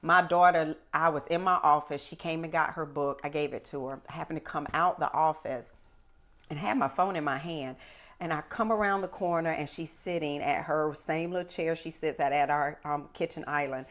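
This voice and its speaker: Middle-aged woman host, low voice, emphatic and animated storytelling. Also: normal speed. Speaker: podcast host. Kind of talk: casual chat.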